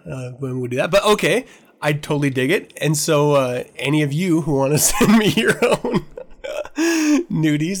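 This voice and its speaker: A man hosting his own podcast, talking candidly and with a lot of profanity, emotional as he relives a painful moment. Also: on the high side. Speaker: podcast host. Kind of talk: casual podcast monologue.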